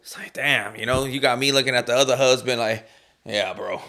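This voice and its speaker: A man's voice: mid-range voice, flat delivery, fast, sharp tone. Slangy man hosting a casual podcast. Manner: loose, slangy, storytelling with acted-out quotes. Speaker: podcast host. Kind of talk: casual chat. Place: home room with his dog.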